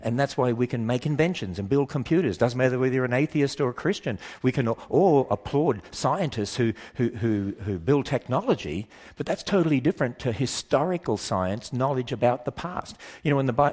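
Man, preaching to a church crowd, emphatic, questioning, mid-pitched voice. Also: lively intonation, darkish tone. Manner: emphatic, asks the audience many questions; acts out quoted voices in quick back-and-forth. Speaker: speaker. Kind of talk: preaching talk to a church audience.

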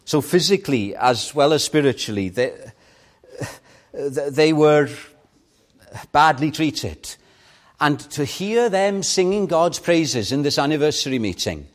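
An older man preaching a sermon with impassioned swings, rising loud on key points and dropping to a hush. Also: fairly high pitch, expressive, measured pace.

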